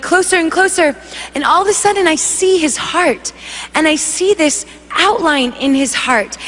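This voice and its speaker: Woman, worship singer; high voice, animated testimony with acted-out voices, long reverb from a big hall. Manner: animated storytelling, acting out voices. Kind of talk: emotional spoken testimony.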